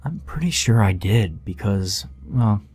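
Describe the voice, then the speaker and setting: A man voicing a sleepy young husband who talks in a relaxed, slightly slurred way. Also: on the low side, measured pace, breathy edge, soft background music. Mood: drowsy.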